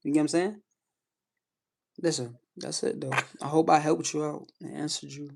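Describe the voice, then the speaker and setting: A man's voice: on the high side, fairly even intonation, normal speed, creaky, noisy background. Emphatic man coaching callers live. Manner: emphatic, repeats "you know what I'm saying". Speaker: live stream host giving advice. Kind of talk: casual coaching talk to callers.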